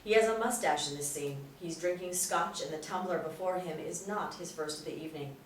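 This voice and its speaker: Low-voiced woman reading stage directions. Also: a little fast. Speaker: narrator. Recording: roomy, distant mic, faint noise.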